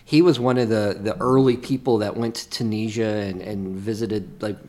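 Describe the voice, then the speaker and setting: A man's voice: fairly low pitch, fairly even intonation, moderate pace, darkish tone. A man co-hosting a podcast, talking in a rambling, casual way. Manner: rambling, meandering. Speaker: podcast co-host. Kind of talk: casual chat.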